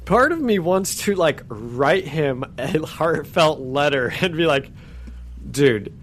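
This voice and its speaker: A man co-hosting a casual comic-book podcast, recapping scenes with animated delivery, acting out the quoted lines and laughing between phrases. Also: fairly high pitch, a little slow, soft background music. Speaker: podcast co-host.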